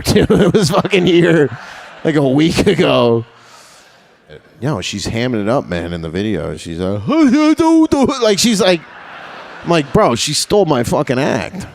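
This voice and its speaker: A man's voice: medium pitch, vocal fry, a little hiss or hum. A young man doing stand-up on a live stage, brash and profane, chatting with the crowd and laughing at his own jokes. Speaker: stand-up comedian.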